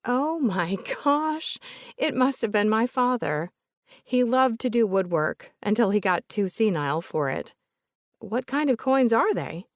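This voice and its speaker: A woman voicing an older woman with a soft Southern accent, polite and remorseful, recalling family memories in a gentle, chatty way. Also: fairly high pitch, lively intonation, unhurried, dry recording, studio quality, voice pushed up.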